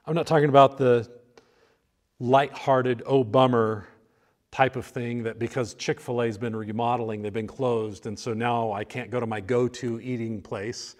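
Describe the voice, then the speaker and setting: A man preaching a sermon, reflective, his voice swelling and then falling to hushed lines. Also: medium pitch, steady tone, moderate pace. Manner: reflective, rises and drops to near hushed lines. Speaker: pastor.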